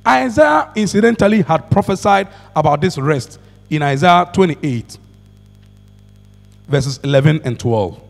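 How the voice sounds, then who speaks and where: A man's voice: fairly high pitch, lively intonation, a little slow, creaky, long reverb tail, soft background music. A male pastor preaching a sermon to a congregation, calling for responses and repeating hallelujah. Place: church.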